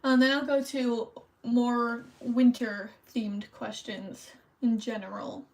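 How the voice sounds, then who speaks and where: A woman's voice: fairly high pitch, flat delivery, slow, darkish tone, low-quality recording. A woman streamer hosting trivia in casual livestream chat, chatty and rambling, a little self-conscious.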